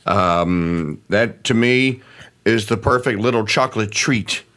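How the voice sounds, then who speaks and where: A man co-hosting a casual radio chat, rambling and halting with many fillers. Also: fairly low pitch, fairly bright tone. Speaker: radio show co-host. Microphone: earbud headset.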